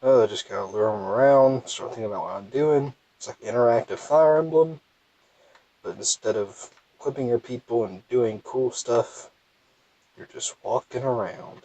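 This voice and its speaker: A man's voice: medium pitch, normal speed, warm tone, low-quality recording. A young man with a thick Southern US accent, rambling and self-deprecating as he comments casually on his gameplay. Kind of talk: casual let's play commentary.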